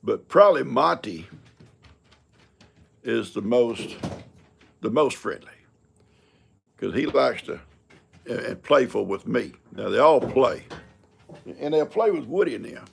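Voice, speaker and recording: A man's voice: medium pitch, big pitch swings, measured pace, long pauses, slight background noise. An older man, rambling folksy and chuckling as he hosts a casual live stream. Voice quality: gravelly, husky. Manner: folksy, rambling and chuckling, talks to his cats. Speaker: livestream host.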